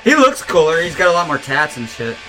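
A young man co-hosting a podcast, talking excitedly about metal music in casual chat, swearing and emphatic. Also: fairly high pitch, brisk, rough recording. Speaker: podcast co-host.

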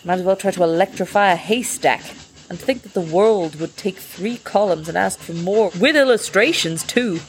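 A woman's voice: medium pitch, moderate pace, slight background noise, close to an everyday voice. A woman reading the lines of a brash young male American newspaperman who blusters and complains indignantly.

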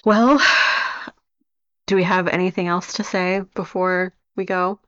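A woman co-hosting a podcast in bubbly, animated casual chat. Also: on the low side, slow, clear, resonant tone. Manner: bubbly, animated, laughs often. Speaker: podcast co-host, storyteller. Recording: slightly dull lo-fi sound.

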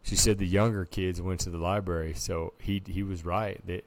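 A man's voice: deep voice, moderate pace, slight background noise. A man co-hosting a podcast, telling a story in casual chat, acting out quotes with lots of "dude". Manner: animated storyteller, acts out quotes, says "dude" a lot. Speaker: podcast co-host.

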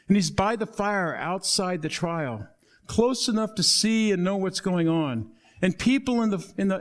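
Man, high voice, pastor preaching, animated storytelling with hushed low moments. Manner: animated, acts out Bible dialogue, drops to soft low tones for emphasis. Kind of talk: sermon.

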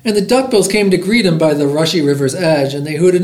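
A middle-aged man hosting a library podcast, reading a picture book aloud with lively voiced characters. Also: a little high, brisk, echoey room.

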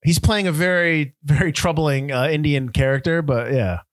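A man co-hosting a casual movie podcast, a sarcastic and animated critic. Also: a little high, normal speed, dry recording. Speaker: podcast co-host.

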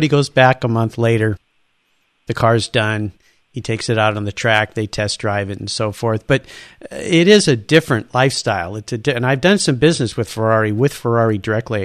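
A man hosting an interview, telling anecdotes in an animated way and acting out the people in them. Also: mid-range voice, dry recording, clean studio sound. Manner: animated storyteller, acts out quoted voices. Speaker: interview host. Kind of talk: conversational interview.

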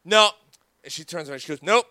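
A man's voice: fairly high pitch, lively intonation, moderate pace, fairly bright tone, no echo. A man co-hosting a casual sports talk show, telling a long story with lots of swearing and acting out the people he quotes. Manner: profane, rambling, acts out quoted dialogue. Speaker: podcast co-host. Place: studio.

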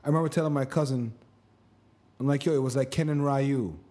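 A man co-hosting a casual podcast, telling animated stories and acting out the quotes in them. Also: mid-range voice, brisk. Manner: animated storyteller, acts out quotes. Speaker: podcast co-host.

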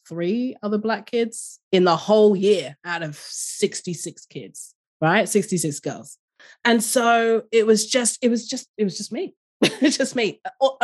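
A woman from London with a London accent, a business coach talking as a podcast guest, animated and laughing often. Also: mid-range voice. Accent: London English. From London, England. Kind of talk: casual podcast conversation.

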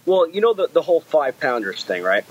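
A man hosting a podcast in casual, animated, rambling chat, swearing freely. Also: on the high side, brisk, muffled recording, a little hiss or hum. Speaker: podcast host.

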